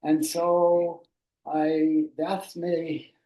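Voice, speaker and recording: An older man talks his way through a slide presentation on boat building in a slow, rambling, conversational way, full of fillers and restarts. His voice is mellow and a little high. He sounds far from the mic in an echoey room. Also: little pitch movement.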